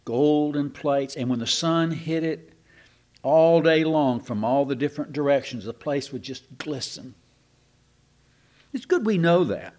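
Man, Bible teacher, slow-paced, folksy, conversational, musing, emphatic on key words. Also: on the high side, a little mellow.

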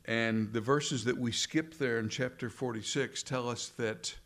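A man leading prayer and preaching a sermon in an earnest, measured way, often tagging lines with rhetorical questions. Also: mid-range voice, fairly even intonation, fairly bright tone. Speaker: pastor.

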